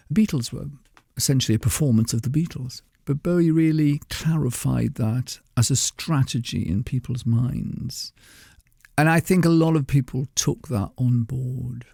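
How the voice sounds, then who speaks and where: A man's voice: medium pitch, vocal fry, warm tone, breathy edge, no echo, studio quality. An older man telling stories as a guest on a radio show, chatty and laughing often. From England. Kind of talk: anecdotal radio conversation.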